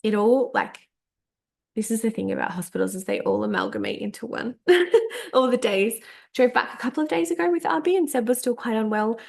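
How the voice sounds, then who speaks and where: Woman coach, casual workshop talk, some vocal fry, blunt, sweary, emphatic repetition. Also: on the high side, a little fast, a little mellow. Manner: candid and emphatic, swears freely, repeats words for stress. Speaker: energetics coach.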